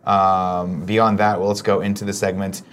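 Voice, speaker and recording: A man's voice: low-pitched, level tone, moderate pace, a little hiss or hum. A man hosting a casual morning show, joking and reading news items with enthusiasm. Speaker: host.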